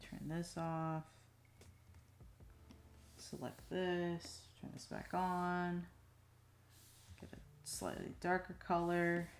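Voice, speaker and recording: Woman streamer narrating her drawing to herself, lowish voice, rambling with fillers. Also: little pitch movement, extremely slow, long pauses, a little hiss or hum. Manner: rambling, self-talk with many fillers, soft muttering asides. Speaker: streaming digital artist. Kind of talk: casual live-stream chat while drawing.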